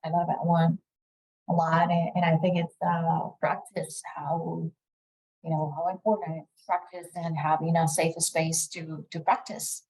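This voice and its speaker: Low-voiced woman speaking thoughtfully on a call. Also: flat delivery, darkish tone, low-quality recording. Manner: thoughtful, halting, with frequent pauses and fillers. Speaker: webinar presenter and teacher. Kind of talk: casual webinar discussion. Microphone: video call.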